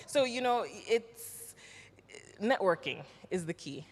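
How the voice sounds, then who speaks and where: A woman from Jamaica with a Jamaican accent, an actress answering questions at a symposium, telling her story with lively acted-out quotes. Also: mid-range voice, measured pace, slightly rough. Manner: animated storyteller, acts out quoted voices. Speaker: actress and guest speaker. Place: symposium hall. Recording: reverberant hall.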